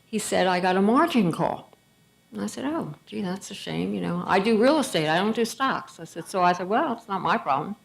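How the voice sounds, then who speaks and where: A woman's voice: mid-range voice, expressive, fairly quick, gravelly. A middle-aged woman giving a conversational storytelling speech at a gala, acting out bits of dialogue. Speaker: gala speaker.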